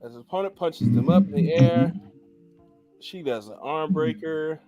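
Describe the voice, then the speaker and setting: A man's voice: a little high, moderate pace, highs cut off, music in the background. A man hosting a casual chat, talking animatedly with plenty of swearing and reading move descriptions aloud. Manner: animated, profane, reads move lists aloud. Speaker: host. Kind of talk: casual chat about anime powers.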